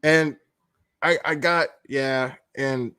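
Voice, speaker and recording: A man's voice: medium pitch, steady tone, takes it slowly, sharp tone, smooth. A man, a crime-commentary vlogger, ranting casually, bluntly and profanely with laughing asides. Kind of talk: casual vlog rant.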